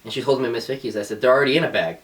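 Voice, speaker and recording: A young woman co-hosting a casual podcast chat, sarcastic and animated, laughing often and acting out the people in her stories. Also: very deep voice, racing, far from the mic. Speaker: podcast co-host.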